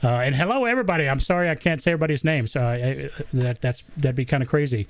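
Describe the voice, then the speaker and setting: A man's voice: medium pitch, fast, no echo. A middle-aged man hosting a casual live interview, joking and chatty with many fillers and restarts. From Southern US. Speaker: host.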